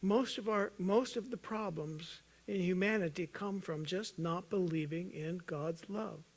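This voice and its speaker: A man preaching a sermon as pastor, earnest and urging, at times loud and at times hushed, joking with the congregation. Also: a little slow. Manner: earnest, swings from loud emphatic urging to soft low intensity; jokes with the congregation.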